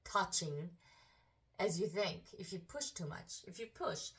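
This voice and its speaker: A female vocal coach giving a singing lesson, explaining slowly in casual speech and breaking into sung phrases to demonstrate. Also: on the low side, a bit bright, recorded from a distance. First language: Korean.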